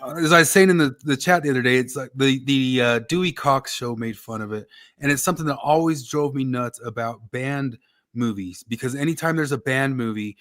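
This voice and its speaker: A man's voice: medium pitch, fairly quick, a bit bright. Rambling man in casual podcast talk. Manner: rambling, argumentative, full of restarts. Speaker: podcast co-host. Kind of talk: casual political chat.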